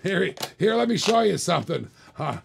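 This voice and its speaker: A man hosting a live-streamed toy car auction, calling bids in quick repeated bursts with chatty asides to viewers. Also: sits high, sing-song, vocal fry, a little hiss or hum. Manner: rapid repetitive bid calling, chatty asides. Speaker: auctioneer host.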